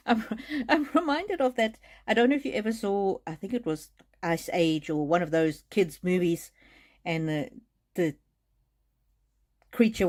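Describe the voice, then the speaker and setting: Lady doing a live card reading on stream, kinda low voice, soft and halting, laughs a lot. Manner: gentle, halting, emotional, laughs often. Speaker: tarot and oracle card reader. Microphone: streaming mic.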